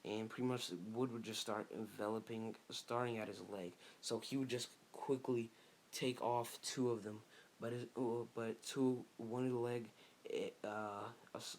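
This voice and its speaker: A man casually improvising a fan story, halting often with fillers and restarts. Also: lowish voice, little pitch movement, a little hiss or hum.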